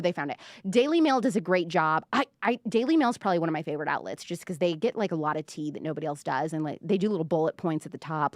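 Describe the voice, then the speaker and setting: A young woman with a low-sitting voice hosts a casual pop-culture livestream, recorded dry with studio quality. She is chatty and gossipy, says "like" constantly, and reads viewer comments aloud.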